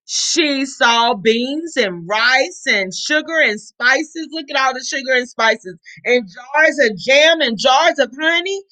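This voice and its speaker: A woman's voice: high voice, animated, slow pace, hardly any pauses, pushed and bright, low-quality recording. A woman teacher reading a picture book aloud to children, explaining words and asking her listeners questions. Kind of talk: animated storybook read-aloud.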